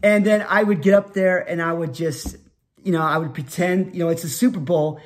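A man with a fairly high voice tells a nostalgic story from his childhood. He rambles and restarts his sentences, then breaks into loud, shouted sportscaster calls. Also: fairly even intonation, moderate pace.

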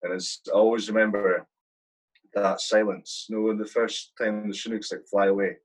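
A man's voice: on the low side, level tone, normal speed, rough recording. A man, an army sergeant, telling war stories in a casual interview, swearing constantly and saying "mate" a lot. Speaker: guest, army platoon sergeant.

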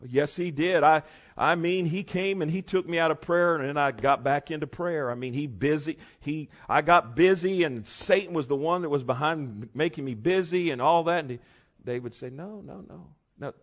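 Preaching man, storytelling with loud peaks. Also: on the high side, normal speed, few pauses. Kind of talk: sermon.

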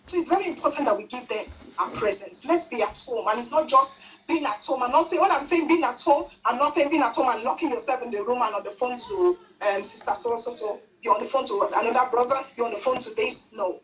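A quick-paced woman with a somewhat high, bright voice preaches on parenting from the pulpit. Her delivery is repetitive and exhorting, with many restarts, and the recording is distant and poor.

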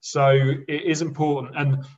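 A man's voice: on the high side, fairly even intonation, moderate pace, recorded from a distance, dull audio. A man talking as a guest on a podcast, explaining eagerly in a casual way. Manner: enthusiastic, explanatory. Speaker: podcast guest, pensions specialist. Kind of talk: casual interview chat.

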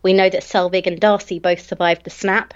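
A woman's voice: on the low side, level tone, a little fast. A woman co-hosting a podcast in casual chat, talking in an eager, chatty fan's manner. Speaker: podcast co-host. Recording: dull lo-fi mic.

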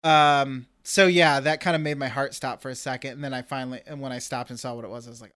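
A man co-hosting a podcast, telling an animated story in casual chat and acting out his own reactions. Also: medium pitch, fast talker, no room sound. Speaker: podcast co-host.

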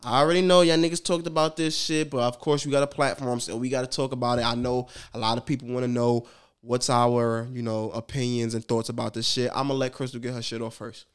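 A man's voice: mid-range voice, level tone, fast talker, clear, resonant tone. A man co-hosting a podcast, telling stories in slangy, profane casual chat. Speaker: podcast co-host.

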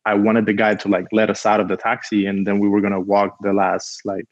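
A Cuban man whose first language is Spanish is a guest telling a rambling, casual story packed with "like," acting out what people said. His lowish voice is completely flat and brisk. The recording is lo-fi, with no echo.

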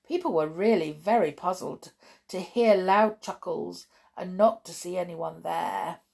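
A woman reading a children's story aloud as a podcast host, gentle and expressive. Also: lowish voice, slow pace, creaky, husky. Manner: gentle, expressive, chatty sign-off.

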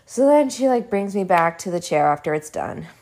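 A young woman casually telling a personal story at home, animated and chatty, with frequent "like" and casual swearing. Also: fairly low pitch, normal speed. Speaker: vlogger. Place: home room.

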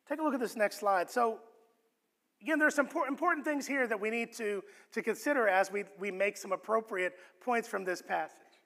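A man delivers a sermon in an earnest, expressive way, often stumbling over and restarting words as he works through his points. His voice sits high and bright. It carries a long reverb, as in a church hall. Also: normal speed. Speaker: pastor.

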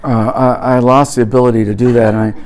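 A man's voice: medium pitch, level tone, fairly quick, noisy background. A middle-aged man, a pastor, preaching a sermon before a live audience, telling a humorous story with comic exaggeration and then moving into a blessing.

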